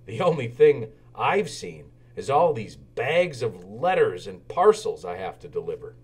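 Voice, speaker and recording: A man's voice: medium pitch, big pitch swings, unhurried, husky. A man voicing a hardworking small male engine pulling the mail, in a storybook reading. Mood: weary.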